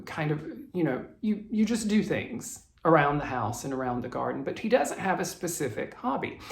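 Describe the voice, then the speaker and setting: A flosstube host telling a viewer's story in a chatty, animated way and reading from viewer emails. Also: mid-range voice. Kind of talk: casual storytelling vlog. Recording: roomy echo.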